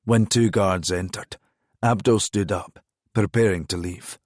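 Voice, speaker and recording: A man narrating a crime thriller audiobook in a measured, even-toned reading. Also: sits low, dry recording, studio quality. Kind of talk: scripted narration.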